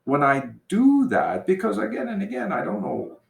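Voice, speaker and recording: A man who is a priest, telling a personal story slowly and gently in casual conversation. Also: sits high, huge pitch swings, vocal fry. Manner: slow, gentle storytelling with restarts. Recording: echoey room.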